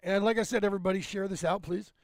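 A man hosting a casual livestream, rambling and interrupting himself while he fixes his screen share, clearing phlegm from his throat. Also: high voice, steady tone, fast, dry recording, studio quality. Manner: rambling, self-interrupting while fixing tech. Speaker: livestream host.

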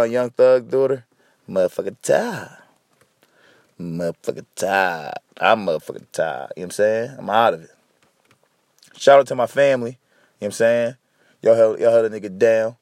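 A man with a mid-range voice and some vocal fry runs a podcast alone, drifting through a sleepy, loose monologue full of casual profanity. The studio-quality sound has no echo.

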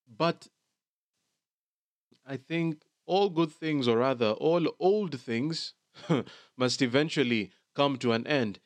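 A man's voice: medium pitch, takes it slowly, pauses often, no room sound. A man giving casual commentary on celebrity gossip, chatty and dropping Swahili slang into his English.

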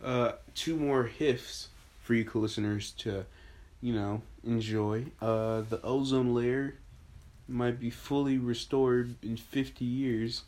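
A man's voice: medium pitch, fairly even intonation, slow pace, a little mellow. A man hosting a casual podcast chat, goofy and rambling, stumbling over his words. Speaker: podcast host.

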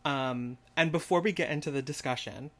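A man's voice: mid-range voice, fairly quick. A man co-hosting a casual podcast with his mother, chattily leading an episode recap. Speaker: podcast co-host.

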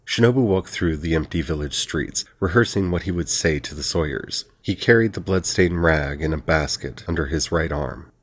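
A man narrates a fantasy novel as an audiobook. His voice sits low and sounds husky. He reads evenly and steadily. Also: moderate pace, hardly any pauses.

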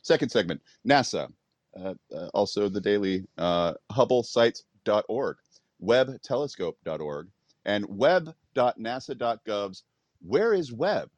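A man co-hosting a podcast gives an easygoing rundown of sources, with casual fillers. His voice is very low. The sound is dry and close. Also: expressive, measured pace, no echo. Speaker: podcast co-host.

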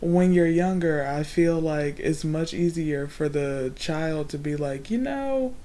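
A woman's voice: low-pitched, little pitch movement, measured pace, mellow, a little hiss or hum. A woman co-hosting a casual chat, reflective, often trailing off with fillers.

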